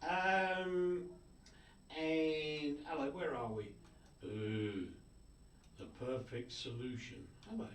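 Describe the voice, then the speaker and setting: A man's voice: slow pace, long pauses. A man hosting a radio show, chatting casually and jokingly as he reads out listener greetings. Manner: jokey, chatty, with lively swings of pitch. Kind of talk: casual on-air chat, reading listener messages. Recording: roomy, distant mic with faint noise.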